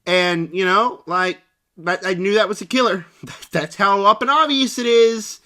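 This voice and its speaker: A young man giving an animated, sarcastic spoiler review of a movie. He keeps slipping into mocking voices for the characters. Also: high-pitched, measured pace.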